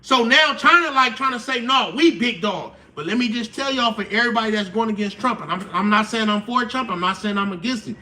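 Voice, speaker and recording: A man's voice: high voice, fast talker, few pauses, sharp tone, recorded from a distance. A man hosting a casual livestream, talking in slangy, profane speech and repeating his points to drive them home. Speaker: channel host.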